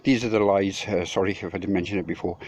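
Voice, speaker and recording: A man's voice: low-pitched, steady tone, fast talker, a little mellow, rough recording. A man vlogging at a building site, out of breath, rambling and swearing as he rants about a rival. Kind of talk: casual walk-and-talk vlog. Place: outdoors at a building site in hot weather. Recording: clear background noise with clicks.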